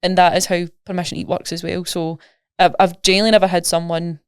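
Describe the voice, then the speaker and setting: Scottish woman, quick chatty coach, lowish voice, dry close sound. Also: clean tone, dry recording. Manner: chatty, rapid, animated explaining with examples. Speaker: nutrition coach, guest. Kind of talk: casual podcast interview.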